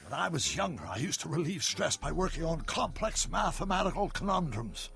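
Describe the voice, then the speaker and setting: A man voicing an eccentric, excitable older male inventor in a video game, theatrical and given to sudden outbursts. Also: a little high, brisk, gravelly, exaggerated voice.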